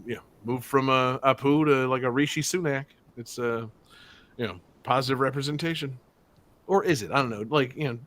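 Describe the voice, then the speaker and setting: Podcast host dude, average pitch, rambles and swears a lot, loose jokey vibe. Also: male voice, moderate pace, a bit bright. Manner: rambling, swears freely, lots of fillers and jokey asides. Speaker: game show podcast host. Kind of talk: casual podcast banter.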